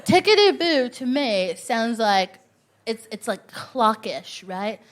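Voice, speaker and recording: Lively woman hosting a comedy club show. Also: a little high, slow pace, a crowd in the background. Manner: animated, laughing, exclamatory. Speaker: comedy host. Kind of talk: stand-up crowd work.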